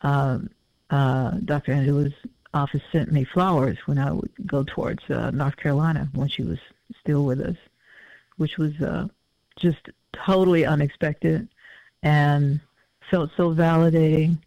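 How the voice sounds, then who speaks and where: A man in his fifties, a musician talking as a guest in a casual interview, reflective and halting with many fillers. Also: on the high side, steady tone, creaky, darkish tone, no echo. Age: 50s. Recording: dull lo-fi audio.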